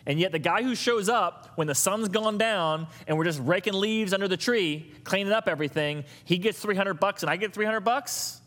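A man preaching a sermon as pastor, lively and conversational, throwing questions and asides to the congregation. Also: high voice, moderate pace, few pauses. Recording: long reverb of a large hall.

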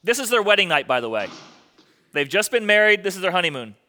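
Man, pastor, sermon, emphatic, repeats key lines, bright forceful tone. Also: high voice, very animated, fast.

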